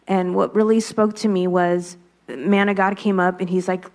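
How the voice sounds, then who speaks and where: A woman with a somewhat low voice gives a candid, reflective personal testimony. She tells her story plainly and openly, as a guest in a faith-based conversation. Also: level tone, normal speed, darkish tone. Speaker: guest, wife.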